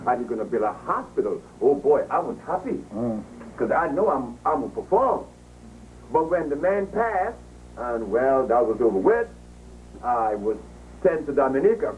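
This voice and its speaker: Man lecturing a live audience; mellow voice, lively swooping pitch, emphatic preacher's delivery. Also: moderate pace, distant mic, slight background noise, poor audio. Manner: preaching, emphatic, repeats himself. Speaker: public speaker. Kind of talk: impassioned public lecture. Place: live event before an audience.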